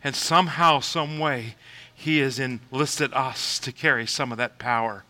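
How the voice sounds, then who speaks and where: A man preaching a sermon, moving from quiet reflection to shouted, high exclamations, with laughs between points. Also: measured pace, rough recording. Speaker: pastor.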